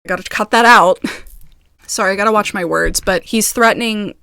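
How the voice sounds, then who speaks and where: A woman vlogger in a casual video, reading messages aloud in quick bursts and breaking off in agitated, halting asides. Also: medium pitch, creaky, pushed and bright, no room sound, clean studio sound. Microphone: phone.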